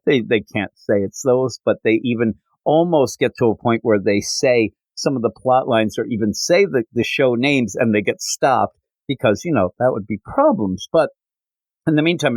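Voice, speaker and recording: A man hosting a podcast, casually recapping a comic book issue in an animated way with frequent fillers. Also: medium pitch, normal speed, no echo, poor audio. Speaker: podcast host.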